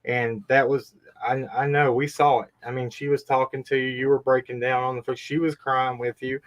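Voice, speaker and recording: A man's voice: medium pitch, flat delivery, normal speed. A man interviewing someone in conversation, stammering and restarting his sentences as he speaks with sympathy. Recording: dull lo-fi recording.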